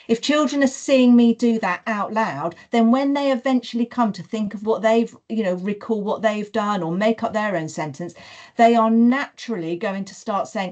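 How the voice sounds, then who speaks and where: A woman talks through classroom practice in a teacher-training webinar. She speaks earnestly at a middle pitch, scatters "you know" through her sentences, and slips into model sentences as if speaking to young children. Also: moderate pace, darkish tone.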